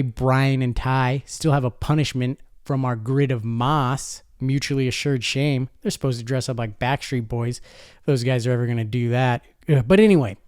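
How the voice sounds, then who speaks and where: Smooth-voiced man hosting a podcast. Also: medium pitch, a little mellow, no room sound, clean studio sound. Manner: rambling, conversational, addresses listeners as folks. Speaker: podcast host. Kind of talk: casual solo podcast talk.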